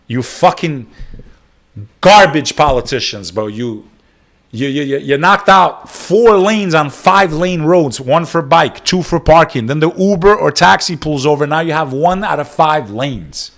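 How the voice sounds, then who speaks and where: A man's voice: on the high side, expressive, unhurried, a bit bright. Profane ranting New man. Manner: profane, sarcastic ranting, reading headlines aloud. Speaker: podcast host reacting to news. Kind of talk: ranting news reaction podcast.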